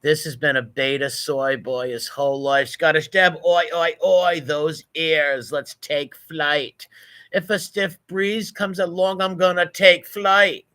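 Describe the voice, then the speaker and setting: A man's voice: a little high, steady tone, slow pace, bright, forceful tone, smooth, dry recording. A man giving profane, mocking reaction commentary over video clips. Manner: mocking, profane, running insults.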